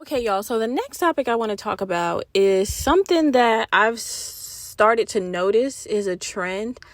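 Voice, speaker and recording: Young woman ranting on her podcast, kinda high voice, cussing, real dry close sound. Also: moderate pace, no room sound. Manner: candid, profane, animated storytelling. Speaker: podcast host. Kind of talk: solo podcast monologue.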